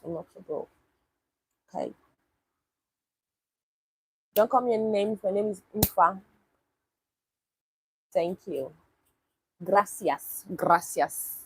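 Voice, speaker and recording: A woman's voice: mid-range voice, slow, pauses often, a little mellow, a little hiss or hum, rough recording. A woman from Nigeria, chatting casually on a livestream and answering viewers' questions with wry disbelief. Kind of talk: casual livestream chat reading comments.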